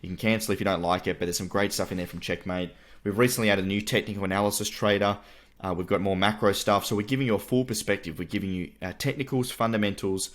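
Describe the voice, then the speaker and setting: An Australian man from Tasmania co-hosting a podcast, chatting in a quick, upbeat way. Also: fairly low pitch, steady tone. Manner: fast, upbeat banter with mates. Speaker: podcast co-host. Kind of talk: casual podcast chat.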